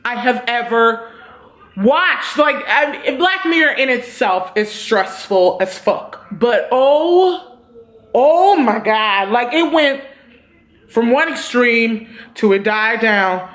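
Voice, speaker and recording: A young woman casually reviewing a TV series, talking in animated, profane bursts that swing between loud outbursts and quick asides. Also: fairly high pitch. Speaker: TV review vlogger.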